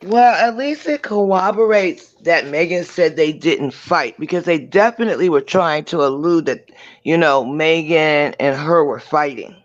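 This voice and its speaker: A man chiming in on a casual recap with quick reactions and commentary. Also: fairly high pitch, highs cut off. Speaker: co-host reacting. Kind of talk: casual chat.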